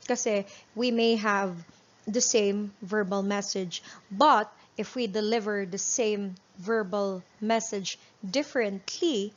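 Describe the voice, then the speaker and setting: A woman's voice: medium pitch, fairly even intonation, slow pace, lo-fi sound. A woman instructor with a Filipino accent giving a classroom lecture, explaining step by step and often checking in with her listeners. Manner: explanatory, repeats and restarts words, checks understanding with "right?".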